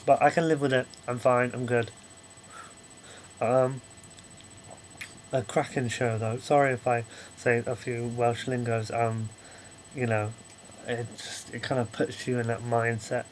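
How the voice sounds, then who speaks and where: A man's voice: mid-range voice, level tone, a little slow, pauses often, a little hiss or hum, low-quality recording. A young man giving a casual video review, rambling and apologetic, often correcting himself.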